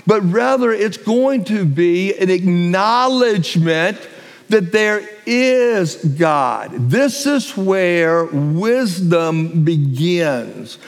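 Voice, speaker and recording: A middle-aged man preaching a sermon as pastor, stressing key phrases and repeating them slowly. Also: sits high, lively intonation. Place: church sanctuary. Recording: long hall reverb.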